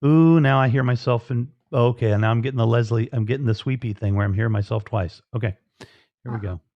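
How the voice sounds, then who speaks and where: A man hosts a casual live stream and rambles along, full of fillers and restarts. His voice sits at an ordinary middle pitch. The audio is dry and dull, a muffled lo-fi stream. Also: fast talker, dry recording.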